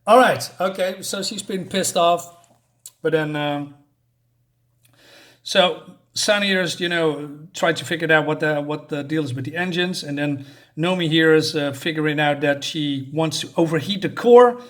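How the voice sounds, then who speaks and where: A man's voice: a little high, unhurried, a bit bright. A man casually recapping a comic book's plot, rambling and hesitant, often losing his thread. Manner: rambling, many fillers and restarts. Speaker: comic reviewer.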